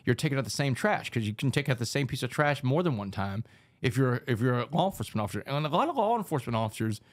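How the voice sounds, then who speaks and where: A man tells his story as a podcast guest, animated and fast-paced. His speech is rapid and energetic, and he keeps slipping in "man". The recording is dry and close, with no room sound. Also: medium pitch, no room sound. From Texas, United States. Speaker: podcast guest, author and speaker. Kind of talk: storytelling in a casual podcast interview.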